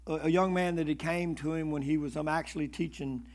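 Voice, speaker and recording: A male preacher telling stories in a sermon, animated and swinging between loud and hushed, often stammering and repeating words. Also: a little high, brisk. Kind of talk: sermon storytelling.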